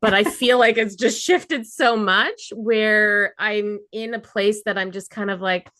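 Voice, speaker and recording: A woman co-hosting a podcast in a casual spiritual chat, animated and laughing as she acts out her own inner voices. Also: medium pitch, measured pace, few pauses, no room sound, clean studio sound. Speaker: podcast co-host.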